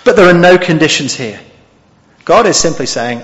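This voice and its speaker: A man's voice: on the high side, lively intonation, normal speed, fairly bright tone. Man preaching in an echoing hall. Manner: expository, asks the congregation questions. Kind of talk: sermon. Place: church hall. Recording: dull sound with long hall reverb.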